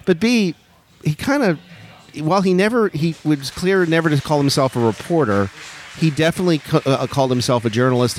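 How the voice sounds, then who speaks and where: A man's voice: medium pitch, slight background noise. A man joining the interview as co-host with wry, chatty remarks. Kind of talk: interview chat.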